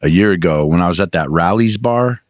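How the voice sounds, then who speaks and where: A man from Alaska, a guest who chats in a relaxed, agreeable way with many yeahs. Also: low-pitched, fairly quick, no room sound, studio quality. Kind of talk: casual chat.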